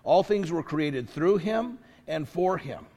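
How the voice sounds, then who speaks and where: In a church sanctuary, a male pastor preaches a sermon, building to his points with emphatic repetition and rising intensity. His voice is a little high, expressive, and mellow, and he speaks at a slow pace. The recording carries the long reverb of a large hall.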